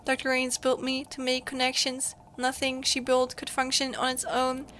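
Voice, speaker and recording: A woman voicing a grieving robot built to help others, speaking in halting, repetitive, formal statements. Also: sits high, completely flat delivery, fairly bright tone, slight background noise. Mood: explaining.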